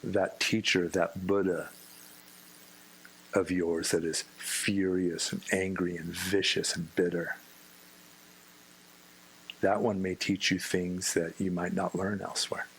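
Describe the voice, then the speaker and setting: Gravelly-voiced man teaching meditation. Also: low voice, level tone, slight background noise, poor audio. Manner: slow, gentle, self-mocking humor. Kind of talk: dharma talk to a meditation group. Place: meditation room with a group.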